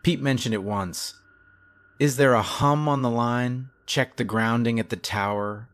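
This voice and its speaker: Low-voiced man narrating horror.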